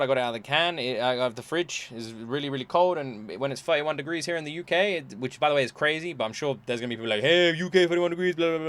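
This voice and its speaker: A man reacting to a video in an exasperated, swearing rant. His voice is bright and fairly high, and his pitch leaps all over, from loud shouted outbursts down to quiet grumbling. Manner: exasperated ranting, swearing, swinging between shouting and mumbling. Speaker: YouTube reactor.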